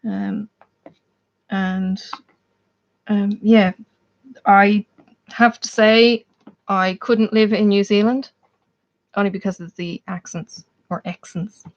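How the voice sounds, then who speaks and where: A woman's voice: mid-range voice, steady tone, slow, pauses often, highs cut off. An Australian woman hosting a casual live chat, talking to viewers in a rambling way and laughing often. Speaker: livestream host.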